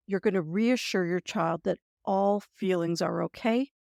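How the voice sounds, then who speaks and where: A woman hosting a parenting podcast, giving gentle, reassuring advice and sample phrasings in a scripted talk. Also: on the low side, measured pace, creaky, no echo, studio quality.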